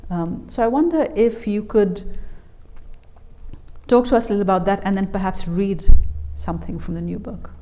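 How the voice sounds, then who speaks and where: A woman's voice: mid-range voice, moderate pace, warm tone. A woman moderating an on-stage conversation, asking questions in a thoughtful, hesitant way. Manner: thoughtful, hesitant phrasing with "um" and restarts. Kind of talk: interview questions and backchannel.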